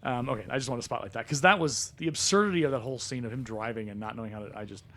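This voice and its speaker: A man hosting a podcast, recapping films in a chatty, animated way with frequent ums in a studio. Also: mid-range voice, very fast, a little hiss or hum. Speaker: podcast host. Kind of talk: casual chat about movies.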